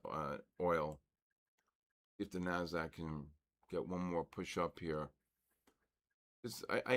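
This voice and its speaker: An older man hosting a live trading stream, excitedly calling out price moves and giving quick trade advice. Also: deep voice. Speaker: trading livestream host. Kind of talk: live market commentary.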